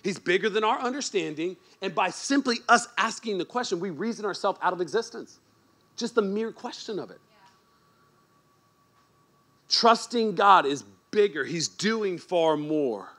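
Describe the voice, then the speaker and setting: A man preaching a sermon as pastor, animated and joking, moving from quiet asides to shouted emphasis. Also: high-pitched, normal speed. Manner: joking, teasing the congregation.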